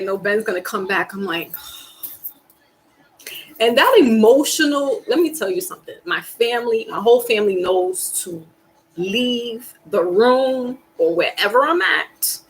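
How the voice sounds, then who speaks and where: Animated rambling woman streamer. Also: fairly high pitch, measured pace, poor audio. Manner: animated and rambling, with sighs and laughs; slangy and emphatic. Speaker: tarot reader and live stream host. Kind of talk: casual live stream chat.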